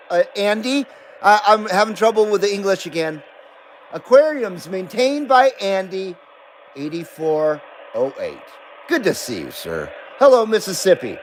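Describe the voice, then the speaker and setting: High-voiced laid-back man chatting live. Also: slight background noise, rough recording. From Nevada, US. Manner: laid-back, rambling, swears and laughs often. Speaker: CB radio livestream host. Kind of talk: casual live-stream chat.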